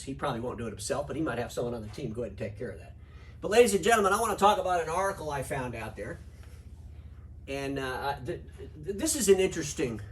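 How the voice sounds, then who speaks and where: A man hosting his own commentary show, talking with a sarcastic edge and mock emphasis. His pitch swings widely, sitting a little higher than most men. He sounds set back from the microphone. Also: distant mic. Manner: sarcastic, animated, reads quotes aloud with mock emphasis. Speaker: show host. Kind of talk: opinionated video commentary.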